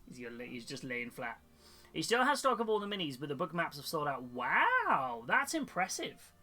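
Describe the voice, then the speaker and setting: Man, hobby streamer: bright, slightly high voice, loose rambling chat. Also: wildly swooping pitch, moderate pace, soft background music. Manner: rambling and chatty, with many fillers and restarts. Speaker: hobby streamer and model kit seller. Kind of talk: casual live-stream chat while building models.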